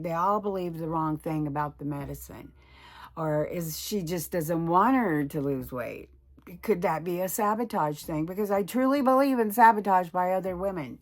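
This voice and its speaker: A woman's voice: sits low, creaky. A woman in her sixties talking in a casual personal vlog, chatty and emotional, retelling her conversations. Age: 60s. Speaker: vlogger.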